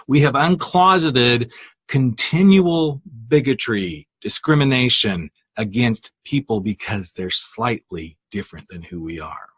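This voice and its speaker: A man's voice: mid-range voice, lively intonation, a little slow, a bit bright, husky, no room sound. A man hosting a podcast, delivering an impassioned solo rant full of emphatic rhetorical questions. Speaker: podcast host.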